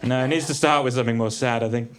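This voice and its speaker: A man in his thirties doing a stand-up comedy set on a theatre stage, with a dry, deadpan delivery. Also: mid-range voice, fast talker. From England. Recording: live theatre with crowd laughter. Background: audience laughter.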